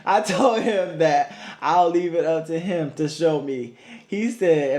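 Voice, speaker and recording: A man's voice: a little high, measured pace, darkish tone. A man co-hosting a talk show, reading a listener's story aloud with playful asides. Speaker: co-host.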